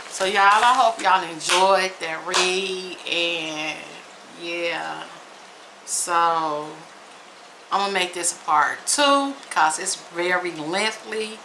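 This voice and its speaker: Slow-reading woman, bright and exclamatory. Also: medium pitch, slight background noise, low-quality recording. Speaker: vlog host reading aloud. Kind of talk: casual reading and reacting.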